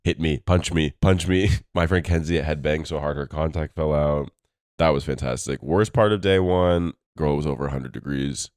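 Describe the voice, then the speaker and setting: A young man co-hosting a casual podcast chat, animated and laughing often as he tells stories. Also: normal speed, smooth, no echo, studio quality. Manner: animated, laughs often, jumps into high-pitched squeals when retelling stories. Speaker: podcast co-host.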